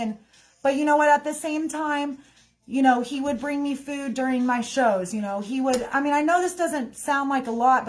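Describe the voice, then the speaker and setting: A young woman talking casually to her viewers, rambling and indignant, often saying "y'all". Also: high voice. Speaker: livestream host. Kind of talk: candid casual monologue.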